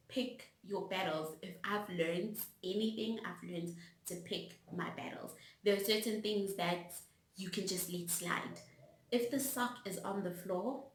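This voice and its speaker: Slow-talking South African woman vlogger. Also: on the low side. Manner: animated, direct, acts out her own outbursts. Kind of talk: casual advice monologue. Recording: roomy echo.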